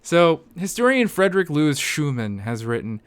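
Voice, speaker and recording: Smooth-voiced man, profane and rambling. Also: on the high side, sing-song, moderate pace. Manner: profane, rambling, hesitant with many fillers. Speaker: podcast co-host. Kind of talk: casual podcast discussion.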